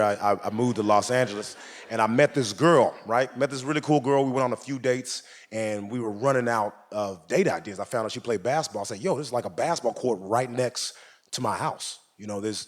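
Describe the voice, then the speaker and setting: A young man performing a stand-up comedy set on stage, telling stories in an animated way and acting out the voices of the people in them. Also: mid-range voice. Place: live comedy venue with audience.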